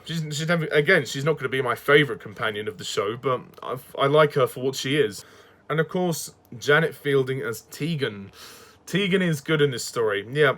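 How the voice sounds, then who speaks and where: A man's voice: medium pitch, a bit bright. A man giving a casual spoken review, hesitant and repeating words, with frequent chuckles.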